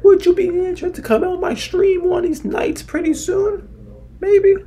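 A man from New Jersey, a streamer, talking in a put-on high falsetto that slips deeper now and then, brash and swearing. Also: fairly even intonation, normal speed, mellow. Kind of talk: prank chat with a stranger.

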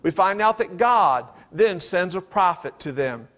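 Man, preacher, high-pitched, earnest, emphatic, sermon. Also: lively intonation, measured pace, fairly bright tone. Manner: earnest, emphatic, dramatizes scripture paraphrases; reads King James verses aloud and explains them.

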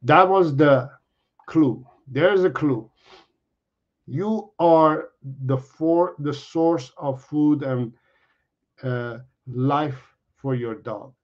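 A man's voice: on the high side, extremely slow. A middle-aged man, a dog trainer, explaining to viewers in an earnest way, repeating himself and restarting his sentences. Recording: dull lo-fi audio.

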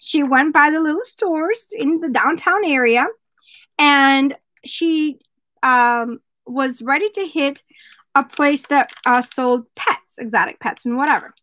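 Chatty jewelry seller, lively high voice, unhurried, addresses viewers by name, playful. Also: female voice, slight background noise, low-quality recording. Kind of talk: casual product vlog with joke telling.

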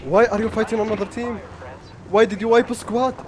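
A man streaming a shooter game, commentating in a panicky, excitable way and swearing often. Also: sits high, a little fast, background noise. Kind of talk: live gameplay commentary. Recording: loud gunfire over the voice. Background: game gunfire and explosions.

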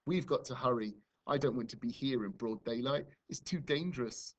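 A man's voice: mid-range voice, moderate pace, close to an everyday voice. A man reading aloud gives voice to a wary, proud female street cat. She talks in short, dismissive bursts. The voice stays close to the reader's own. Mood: curt.

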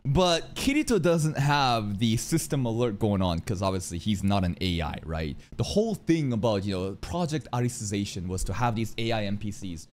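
A young man casually reacting to an anime episode as a streamer, swearing, laughing and riffing quick jokes. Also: lowish voice, lively intonation, darkish tone, slight background noise. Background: anime soundtrack playing.

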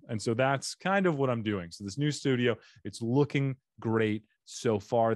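Playful low-voiced man hosting a podcast. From Arizona. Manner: playful, jokey, swoops into high silly voices. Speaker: podcast host. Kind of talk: solo podcast intro monologue. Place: home studio with bare walls.

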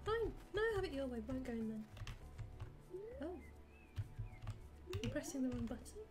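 A woman's voice: high voice, normal speed. A young British woman streaming a video game at home, chatting casually and breaking into giggles and squeals. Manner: giggly and excitable, bursts into squeals and shrieks. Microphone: desktop mic with headphones. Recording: game music playing behind.

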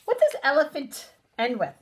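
A woman's voice: high voice, huge pitch swings. Sing-song woman teaching young children. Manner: encouraging, sing-song, sounds out letters slowly. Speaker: preschool teacher. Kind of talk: recorded lesson for young children.

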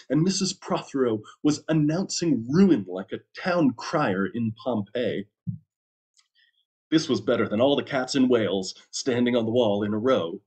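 A man, a minister, reading a story aloud at a church service with an expressive storytelling delivery. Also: mid-range voice.

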